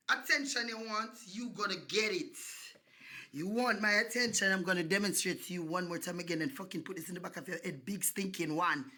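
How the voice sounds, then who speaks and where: A Jamaican woman on a livestream, taunting and cursing loudly, often breaking into shouts. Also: lowish voice, brisk. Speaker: social media personality. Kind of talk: livestream rant.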